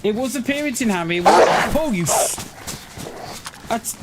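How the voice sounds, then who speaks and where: A man chats loosely through a live gaming stream, swearing freely as he rambles. His voice sits a little high. A clear background noise runs under his talk. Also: animated, a little slow, pauses often. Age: adult parent of a schoolchild. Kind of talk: casual live-stream chat while gaming.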